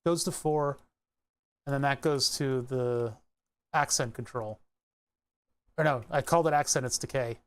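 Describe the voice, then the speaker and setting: Half-muttering to themselves, a streamer works through a laid-back livestream in an unhurried, medium-pitched voice. Thoughts are spoken aloud as they go, with sentences drifting off and getting corrected along the way.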